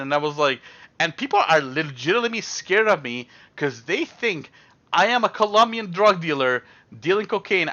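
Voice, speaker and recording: A man's voice: fairly high pitch, pushed and bright, highs cut off. A young man telling a rambling story on a live stream, with lots of fillers and acted-out quotes.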